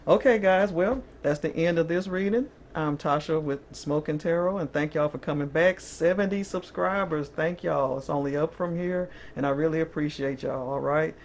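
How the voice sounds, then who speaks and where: A woman's voice: low-pitched, moderate pace, few pauses, darkish tone, slight background noise. Chatty woman doing a tarot reading. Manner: chatty, keeps checking in with "okay?"; breaks into short laughs. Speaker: tarot reader. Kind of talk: casual tarot reading to camera.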